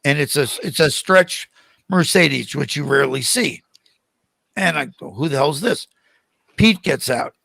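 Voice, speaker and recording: An older American man, a podcast guest, telling animated stories and acting out the voices of the people in them. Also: fairly high pitch, unhurried, vocal fry, long pauses, no echo. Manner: animated, acts out quoted voices. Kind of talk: storytelling in a podcast interview.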